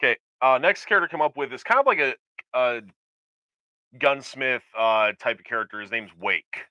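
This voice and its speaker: A man's voice: mid-range voice, lively intonation, normal speed, bright, forceful tone, no echo, poor audio. A man co-hosting a casual chat show, rambling and hesitant with lots of fillers and restarts. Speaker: podcast co-host.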